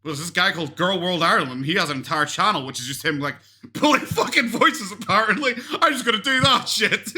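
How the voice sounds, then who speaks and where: A man's voice: sits high, animated, brisk, sharp tone. A man doing mocking reaction commentary into a desk microphone, swearing and laughing often. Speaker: commentary youtuber reacting to a vlog. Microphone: desk USB microphone.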